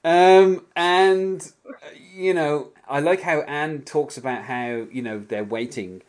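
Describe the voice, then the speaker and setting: A man's voice: fairly high pitch, slow. A man hosting a casual podcast chat, rambling and hedging a lot, often breaking into small laughs.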